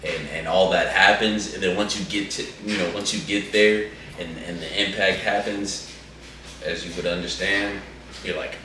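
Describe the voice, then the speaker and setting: A man with a low voice chats in an animated, slangy ramble. He sits away from the mic in a very echoey room. A faint hum runs under him. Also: moderate pace, recorded from a distance. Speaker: co-host reviewing an anime movie. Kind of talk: casual chat.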